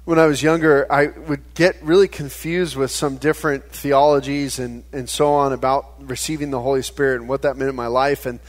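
A man in his thirties preaching a sermon as pastor, conversational and animated, with frequent stammered restarts. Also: medium pitch, a little fast, few pauses.

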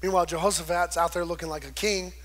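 A man's voice: a little high, fairly even intonation, fast talker. A man preaching a conversational sermon, retelling scripture and acting out the quoted voices. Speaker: pastor.

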